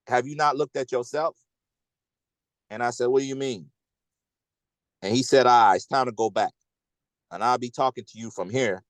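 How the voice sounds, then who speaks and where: A man in tells a personal story in a loose, animated way, leaning on slang and checking in with "okay?" as he goes. His voice sits at an ordinary middle pitch. The sound is dry and close, with no room echo. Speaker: host. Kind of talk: casual storytelling talk.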